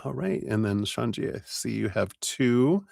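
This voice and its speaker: A man's voice: medium pitch, expressive, a little slow, vocal fry, a little mellow, dry recording, studio quality. A man hosting a live tarot stream, casually greeting viewers by name and thanking them.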